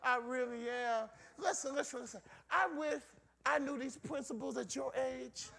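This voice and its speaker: A middle-aged pastor in the pulpit, his voice sitting very high for a man. He preaches in a rolling, repetitive cadence, driving single words home again and again and swelling into shouts before dropping back low. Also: moderate pace, vocal fry. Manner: preaching in call-and-response cadence, repeating phrases and building to shouts. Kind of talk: sermon.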